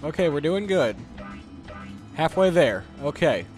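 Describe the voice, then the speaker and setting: A man's voice: on the high side, very animated, a little slow, a little mellow, soft background music. Chatty young man grumbling over gameplay. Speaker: let's play host. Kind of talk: casual gameplay commentary.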